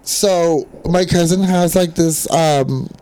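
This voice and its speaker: A young woman in casual chat among friends, telling a story in an animated, profane way. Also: on the low side, slow pace.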